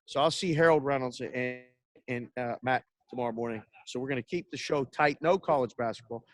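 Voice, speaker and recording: A man's voice: mid-range voice, brisk, dry recording. A man hosting a sports betting podcast, talking in a rambling, brash, casual way and swearing freely. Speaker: podcast host.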